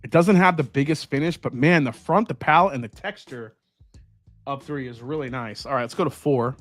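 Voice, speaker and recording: A man's voice: medium pitch, brisk, a bit bright, no room sound, soft background music. Chatty man hosting a live tasting. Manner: chatty, rambling, reads out viewer comments. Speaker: host. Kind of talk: casual live tasting chat.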